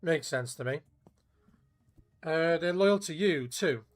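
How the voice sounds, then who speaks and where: A man's voice: on the high side, expressive, slow. A man streaming a video game, chatting casually in a rambling, profane way, with restarts. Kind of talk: casual gameplay commentary.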